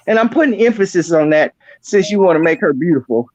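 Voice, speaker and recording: High-voiced man on a profane mocking roast. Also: a little fast, few pauses, dry recording, highs cut off. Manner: loud mocking rant, heavy cursing. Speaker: online show host roasting a rival.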